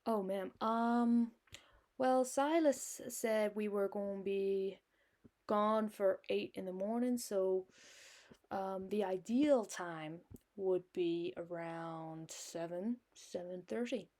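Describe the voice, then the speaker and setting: A woman voicing a polite young woman traveler who answers hesitantly and haltingly. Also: mid-range voice, a little mellow, natural voice.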